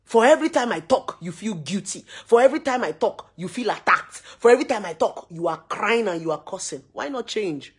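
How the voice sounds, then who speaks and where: A Nigerian woman with a Nigerian accent giving a forceful, preachy to-camera rant full of repeated rhetorical questions. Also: mid-range voice, expressive, fairly quick, few pauses, slightly rough. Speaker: social media commentator.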